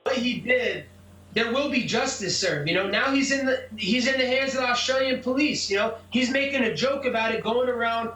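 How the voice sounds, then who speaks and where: A man's voice: very high-pitched, moderate pace, bright, forceful tone. A man, a mixed martial arts fighter, telling his side of a story in a brash, profane, combative way during an interview. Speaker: MMA fighter. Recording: echoey room, mic at a distance.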